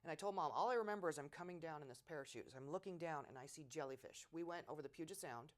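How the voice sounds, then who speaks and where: A middle-aged woman in an oral history interview, telling war stories in a lively way and acting out quotes loudly. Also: sits low, very fast. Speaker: veteran interviewee.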